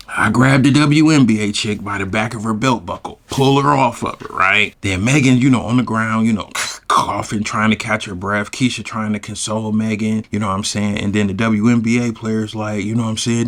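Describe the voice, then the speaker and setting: A man's voice: mid-range voice, normal speed, a bit bright. A young man telling a wild personal story on his vlog in a casual, slangy way, acting out every character as he goes.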